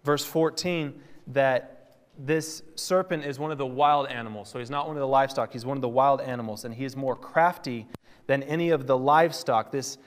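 A male Bible teacher delivers a sermon in a conversational, instructive manner, using fillers and correcting himself as he goes. His voice is medium in pitch and moderately paced, and a long hall reverb surrounds it.

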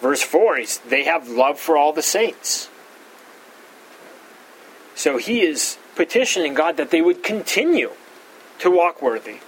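A man's voice: sing-song, measured pace, pauses often, slight background noise, low-quality recording. A man teaching a verse-by-verse Bible study, stressing key words and often restarting his phrases. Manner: emphatic, stresses key words with pitch jumps and frequent restarts.

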